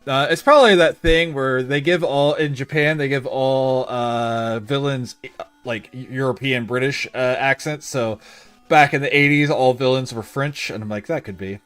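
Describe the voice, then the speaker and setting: A man's voice: medium pitch, fairly even intonation, measured pace, a bit bright, clear, resonant tone. A young man chatting casually on a livestream as he plays a retro game, reading bits of the game text aloud. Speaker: streamer playing a retro game.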